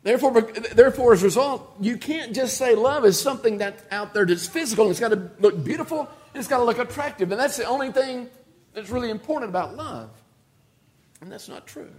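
A man preaching a sermon, telling a story with sudden shifts between loud and quiet and repeating key phrases for emphasis. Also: very high voice, expressive, fairly quick. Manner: storytelling with dramatic swings in loudness and pace.

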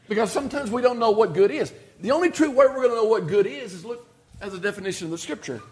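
A man preaching a sermon, telling a story with sudden shifts between loud and quiet and repeating key phrases for emphasis. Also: very high voice, expressive, fast. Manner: storytelling with dramatic swings in loudness and pace.

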